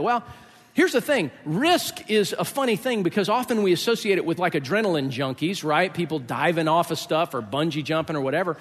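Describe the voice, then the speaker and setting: Animated storytelling pastor in a reverberant hall. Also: male voice, a little high, a little fast, breathy edge. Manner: animated storyteller acting out voices, laughing along. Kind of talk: sermon with storytelling.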